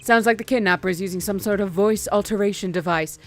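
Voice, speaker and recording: A woman voicing a cool, formal male prosecutor, reading game dialogue aloud in a lowered, restrained way. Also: fast talker, faint music behind, natural voice. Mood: composed.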